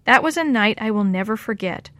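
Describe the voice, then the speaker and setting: A woman voicing a lonely, kindly elderly lady in an audiobook, speaking gently and a little slowly. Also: a little high, animated, no echo. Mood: wistful. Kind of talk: audiobook character reading.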